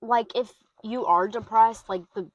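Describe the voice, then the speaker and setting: A woman's voice: a little high, measured pace, no echo, lo-fi sound. A young woman co-hosting a casual podcast chat, rambling and trailing off between "like" fillers. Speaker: podcast co-host.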